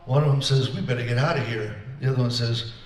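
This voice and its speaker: A man's voice: mid-range voice, steady tone, fast. A man telling a string of jokes to a senior center audience in an easygoing way, playing the voices of his characters. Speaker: performer at a senior center concert. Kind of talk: telling jokes between songs. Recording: echoey room, voice from far off.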